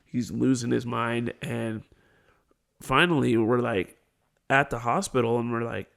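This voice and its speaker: A man's voice: mid-range voice, measured pace, gravelly. A man in his thirties, co-hosting a podcast, animatedly retelling a family story and acting out what people said. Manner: animated retelling, acts out quotes. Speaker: podcast co-host. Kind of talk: casual storytelling chat.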